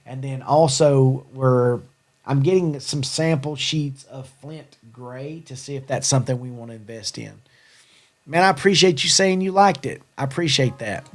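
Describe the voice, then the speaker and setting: A man hosting a casual livestream, rambling about his products and thanking viewers in the chat. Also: medium pitch. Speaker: livestream host and small business owner.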